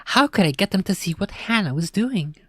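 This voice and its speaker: A woman narrating a spooky children's book in a dramatic reading, often dropping to a hush. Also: medium pitch, lively intonation, brisk, no echo, studio quality. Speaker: storyteller.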